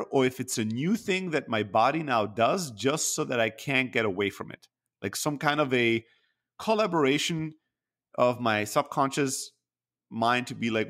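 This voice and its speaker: A man's voice: mid-range voice, fairly bright tone. A man co-hosting a podcast, talking candidly and introspectively in casual chat, swearing freely. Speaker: podcast co-host.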